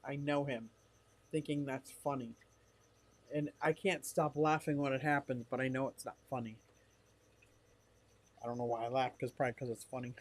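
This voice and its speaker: An older man live-streaming from his fish room, rambling casually and reading comments from the chat aloud. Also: on the high side.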